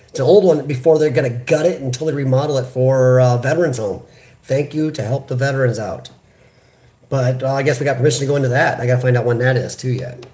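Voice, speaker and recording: Animated chatty American man. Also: medium pitch. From United States. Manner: animated, chatty, reads viewer comments aloud. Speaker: livestream host. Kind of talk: casual live chat. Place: hospital room. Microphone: computer webcam.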